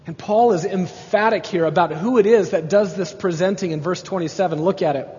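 A man with a high voice preaches a sermon, pressing each point with emphasis. His voice rings through a long hall reverb. The recording sounds somewhat dull. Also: fairly quick, a little mellow. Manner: emphatic preaching, rising to exclamations. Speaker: pastor.

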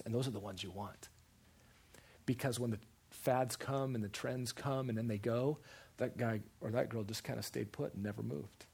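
A man preaching a sermon in an animated way, with repeated emphasis and acted-out quoted voices. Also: mid-range voice, slightly rough. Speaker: preacher or teacher.

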